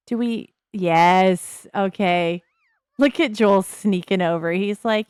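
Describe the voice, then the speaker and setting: A woman's voice: mid-range voice, slow, a little mellow, smooth, no echo. Wry, chatty woman gamer with a dry sound. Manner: chatty and wry, laughing often, acting out character voices. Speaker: let's play host. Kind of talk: casual gameplay commentary.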